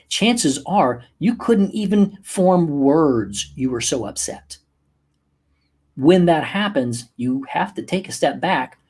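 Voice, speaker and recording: A man hosting a motivational podcast as a coach, talking emphatically and moving from slow, soft passages to quick bursts. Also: mid-range voice, husky. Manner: emphatic, acts out angry outbursts.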